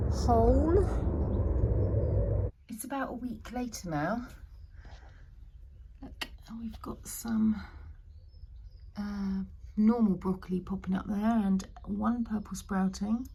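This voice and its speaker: A woman chatting softly through a gardening vlog, often dropping into a half-whisper. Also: medium pitch, husky. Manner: soft-spoken, often half-whispered asides. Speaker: vlogger. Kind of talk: casual gardening vlog narration. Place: garden outdoors.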